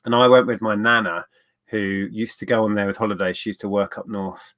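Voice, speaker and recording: A man's voice: lowish voice, steady tone, brisk, fairly bright tone. Chatty man hosting a live stream. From southern England. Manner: chatty, rambling, reads viewer comments aloud. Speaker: co-host of a reseller live stream. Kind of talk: casual live-stream chat.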